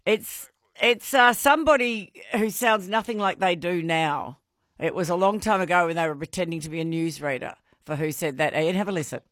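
A woman hosting a live radio quiz, bubbly and quick to laugh. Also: on the low side, fairly bright tone.

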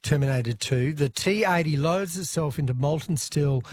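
Man hosting call-in radio, casual, chuckling, husky tone. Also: on the high side, normal speed. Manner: relaxed, chuckling, reads listener messages. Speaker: radio host.

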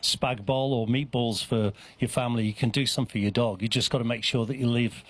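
Man, guest chef, halting casual explainer with lots of restarts. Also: medium pitch, fairly even intonation. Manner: hesitant, many restarts and fillers. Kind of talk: casual radio chat. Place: outdoor dog park.

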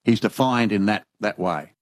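An older Australian man, an interviewee, telling lively anecdotes and acting out the dialogue in them. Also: fairly low pitch, normal speed, dry recording. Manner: animated anecdotal storyteller, acts out dialogue. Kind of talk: storytelling conversation.

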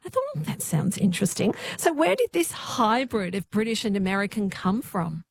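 A woman's voice: medium pitch, sing-song, normal speed, creaky, breathy edge. Chatty woman radio host. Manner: chatty, friendly presenting. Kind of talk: casual radio talk. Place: radio studio.

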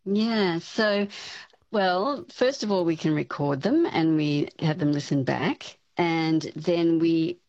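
A woman who is a speech pathology professor, answering questions in a radio interview in a measured, explanatory way with frequent fillers. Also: on the low side, darkish tone, no echo, muffled recording.

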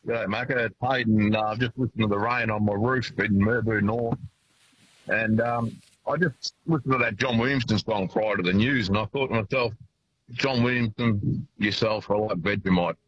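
Australian male caller, lowish voice, halting, dull lo-fi phone sound. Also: fairly even intonation, a bit bright, breathy edge. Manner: friendly, halting, many fillers. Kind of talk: phone-in call to radio. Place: driving in a car. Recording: dull phone line with faint noise.

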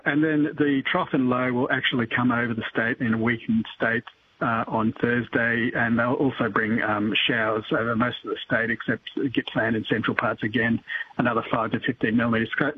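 A man giving a weather forecast on radio, halting with many fillers and restarts. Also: mid-range voice, steady tone, slightly rough. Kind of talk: radio weather briefing by phone. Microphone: phone. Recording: tinny phone line.

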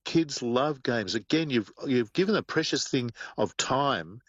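A man's voice: medium pitch, animated, unhurried, slightly rough, no echo, lo-fi sound. An older man, co-hosting a radio show and sharing anecdotes with many fillers. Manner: warm anecdotal, hesitant with fillers. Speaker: co-host. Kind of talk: radio talk.

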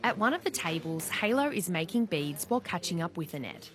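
A woman reporter, reading scripted radio narration in a measured way. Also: lowish voice, very animated, fairly bright tone.

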